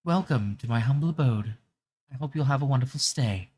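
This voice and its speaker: A man putting on a gracious older woman's voice with a put-on British accent, speaking slowly and grandly. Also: medium pitch, animated, a little mellow, lightly acted.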